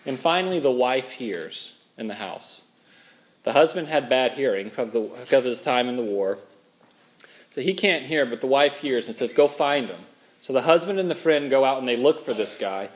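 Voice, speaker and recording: A man from Minnesota preaching a sermon as pastor, telling stories with animated, dramatic emphasis. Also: mid-range voice, moderate pace.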